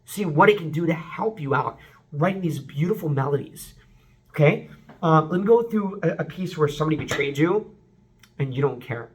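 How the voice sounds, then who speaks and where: A man giving a casual, unscripted songwriting lesson to camera, excitable and rambling, breaking into short sung examples. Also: on the high side, moderate pace. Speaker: vocal coach.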